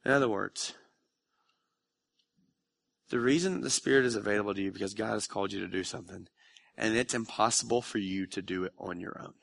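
Impassioned, bright-voiced male pastor preaching. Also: fairly quick, gravelly, pauses often. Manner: conversational and confessional, surging loud and high when emotional. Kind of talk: sermon. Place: church sanctuary.

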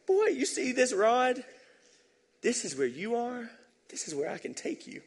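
Man putting on a desperate, pleading Roman governor, high and loud, booming hall. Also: huge pitch swings, a little slow, slightly rough, full character voice. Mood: domineering. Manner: pleading, rising and insistent. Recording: long hall reverb.

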